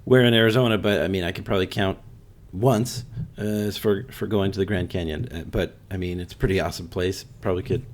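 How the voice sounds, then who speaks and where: A man co-hosting a casual podcast, talking in halting restarts with many fillers. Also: deep voice, fairly even intonation. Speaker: podcast co-host. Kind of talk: casual chat.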